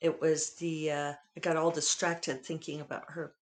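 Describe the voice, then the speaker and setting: A frank podcast host talking casually with a Western US drawl. The voice sits at a middle pitch and wanders from point to point, dropping profanity without hesitation. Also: level tone, normal speed. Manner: candid, digressive, freely profane.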